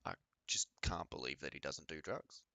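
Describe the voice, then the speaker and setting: Low voiced guy on a stream, kinda slurry and sarcastic, dry close mic. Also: moderate pace, gravelly, pushed and bright, no room sound. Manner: sarcastic, mumbling asides. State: slurring a little. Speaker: stream host reacting to a clip. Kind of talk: casual live-stream commentary.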